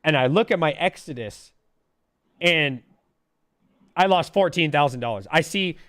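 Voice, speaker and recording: A man's voice: a little high, animated, a little slow, fairly bright tone, no room sound, studio quality. A man in his thirties calling in, telling a story in casual chat, full of "bro" and "dude" and imitating alert sounds. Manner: says "bro" and "dude" a lot. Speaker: caller.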